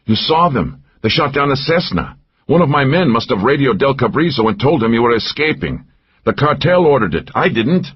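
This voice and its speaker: A man's voice: on the low side, wildly swooping pitch, moderate pace, hardly any pauses, slightly rough, lo-fi sound, pitched above the performer's own voice, exaggerated voice. A man voicing a panting, desperate male captive pleading his innocence in an audiobook. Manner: out of breath, pleading.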